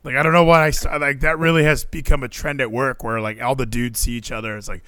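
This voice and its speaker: A man's voice: mid-range voice, quick pace, hardly any pauses, clean tone, dry recording. A man hosting a podcast, chatting casually and jokingly in a rambling way. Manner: rambling, animated, jokey. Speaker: podcast host.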